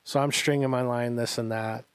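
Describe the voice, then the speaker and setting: A man co-hosting a podcast, telling a long anecdote in a casual, animated way and acting out what everyone said. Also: medium pitch, normal speed, clear, resonant tone, no echo. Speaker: podcast co-host. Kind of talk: casual storytelling chat.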